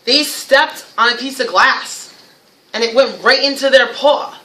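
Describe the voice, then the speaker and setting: A woman with a North Jersey accent leading a teacher training workshop, lively and acting out classroom scenes. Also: a little high, unhurried. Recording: echoey room, mic from far off.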